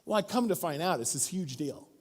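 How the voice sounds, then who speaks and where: Animated storytelling male pastor. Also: a little high, brisk. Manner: storytelling, animated, acts out quotes. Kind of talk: sermon. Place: church.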